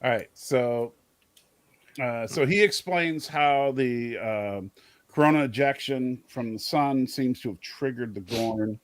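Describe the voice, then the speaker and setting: On a livestream, a man of medium pitch talks slowly and casually about a show with his chat. He teases his co-host and keeps stumbling as he restarts his sentences.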